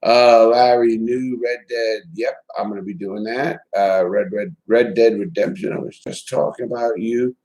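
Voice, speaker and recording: A man hosting a casual live stream, reading viewer chats aloud and talking loosely, swearing and repeating words in quick bursts. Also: on the low side, steady tone, darkish tone.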